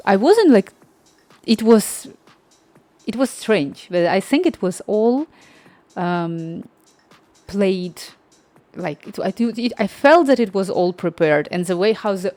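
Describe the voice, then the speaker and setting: A woman telling a personal story straight to camera in non-native English, animated and acting out the other voices. The sound is close and dry, with faint music underneath. Her pitch sits in the middle of the usual range. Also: dry recording. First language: not Spanish. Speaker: vlogger.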